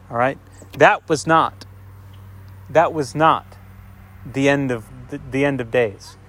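A man preaching a sermon, retelling scripture conversationally, swinging between raised passages and hushed, soft asides and checking in with his listeners. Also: mid-range voice, takes it slowly, long pauses.

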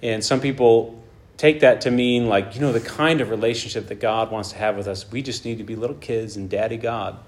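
A man's voice: medium pitch, steady tone, brisk. A man preaching a casual, conversational sermon who keeps checking in with his listeners and reads scripture aloud with emphasis. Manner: informal teaching, frequent "right?" check-ins. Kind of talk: conversational sermon on a Bible passage.

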